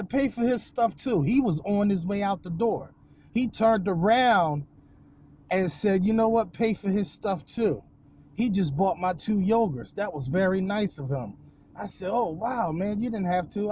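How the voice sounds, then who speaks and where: A man vlogging outdoors, telling a rambling, jokey story in a casual, animated way. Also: sits high, highs cut off, a little hiss or hum. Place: outdoors on a windy day.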